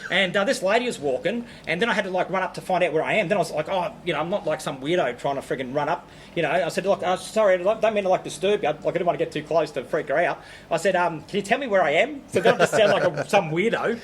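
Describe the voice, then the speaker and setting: Aussie guy talking fast n high, telling a story, some noise behind. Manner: quick, animated, laughing through his own story. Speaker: comedian guest. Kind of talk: casual storytelling.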